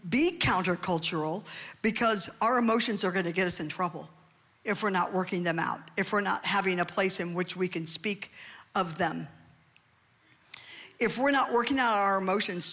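Woman preaching in a reverberant hall. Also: medium pitch. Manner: animated preaching, asks the congregation for amens. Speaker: pastor. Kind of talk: sermon. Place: church hall. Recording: long reverb of a large hall.

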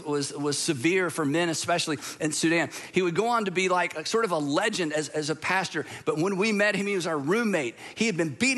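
A man's voice: sits high, fairly bright tone. A middle-aged man from the southern United States preaching a sermon, earnest and conversational, telling stories with frequent restarts. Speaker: pastor.

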